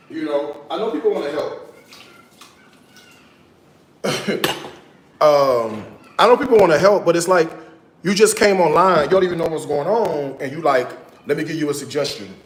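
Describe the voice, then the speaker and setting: A man hosting a cooking livestream from his home kitchen, chatting straight to his viewers in a casual, animated way, often dropping to a hushed, half-sung tone. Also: a little high, echoey room, slight background noise. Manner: slips into hushed, half-sung tones now and then.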